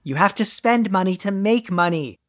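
A woman's voice: mid-range voice, expressive, normal speed, natural voice. A woman playing a pompous, greedy, deposed male overlord in a comedy audio play, with a grandiose, haughty delivery. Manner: grandiose, haughty and theatrically dry.

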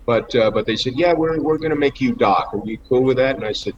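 A man's voice: medium pitch, quick pace. Guy rambling thru his acting stories, lotsa uhs, kinda muffled lo-fi audio. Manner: laughing, rambling, frequent fillers. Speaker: actor guest. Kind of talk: casual interview storytelling. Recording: dull lo-fi with faint noise.

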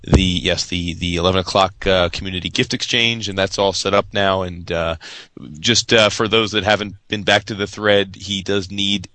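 Chill podcast cohost guy, low and bright, lots of uhs, dry mic. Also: steady tone, moderate pace, dry recording, poor audio. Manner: easygoing, fills with uh. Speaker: podcast co-host. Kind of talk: casual chat.

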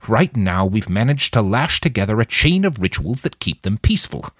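A man's voice: fairly low pitch, sing-song, moderate pace, a bit bright, dry recording, studio quality, voice pushed up. A man playing a grim, grumbling old man who warns of danger. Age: over 60 (figure).

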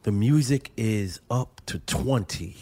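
A man telling stories slowly and with animation, full of street slang. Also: on the low side, mellow. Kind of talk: casual chat.

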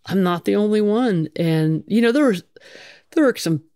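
A woman's voice: medium pitch, animated, normal speed, dark tone, clear, resonant tone, no echo, clean studio sound. A middle-aged woman, a firefighter, telling her story frankly in an interview, swearing casually and restarting her sentences often. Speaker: guest, firefighter.

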